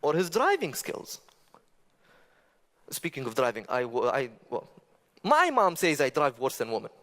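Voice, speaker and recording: Lively man speaking in a reverberant hall. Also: medium pitch, measured pace. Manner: conversational, rhetorical questions, animated asides. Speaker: speaker giving a talk. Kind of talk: stage talk with stand-up humor. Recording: long reverb of a large hall.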